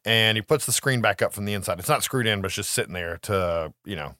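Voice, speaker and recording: A man co-hosting a podcast, retelling a movie plot in a casual, animated way with frequent laughs. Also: on the low side, quick pace, no room sound, studio quality. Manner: animated storytelling, laughs often, profanity. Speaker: podcast co-host.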